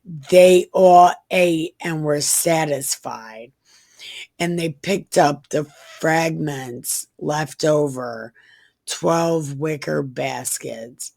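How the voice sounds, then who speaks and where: Low, slow woman reading scripture irreverently. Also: vocal fry, no echo. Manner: deadpan reading with crude joking asides. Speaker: comedic scripture reader. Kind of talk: irreverent comedic Bible reading.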